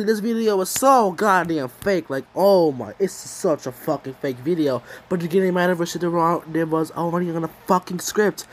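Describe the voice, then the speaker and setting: A man's voice: on the high side, normal speed, few pauses. A man giving rambling, profane casual commentary on a video. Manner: rambling, heavy swearing, trailing restarts. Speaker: YouTube commentator.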